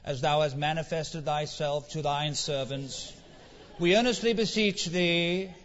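A man's voice: on the high side, measured pace, a bit bright. A preacher mocking a pompous praying man. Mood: mock solemn. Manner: lofty, archaic, overly formal. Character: pompous old-fashioned man praying stiffly. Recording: dull sound with long hall reverb.

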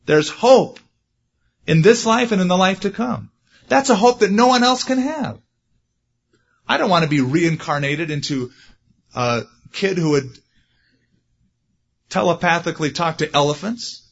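A man preaching a sermon, animated, growing loud and high when he stresses a point. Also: measured pace, creaky, pauses often, highs cut off. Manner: animated, rising loud for emphasis. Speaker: pastor.

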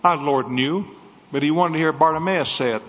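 Preacher guy, kinda high voice, passionate storytelling, dull echoey hall sound. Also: a little fast, fairly bright tone. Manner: impassioned storytelling. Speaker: evangelist preacher. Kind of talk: sermon.

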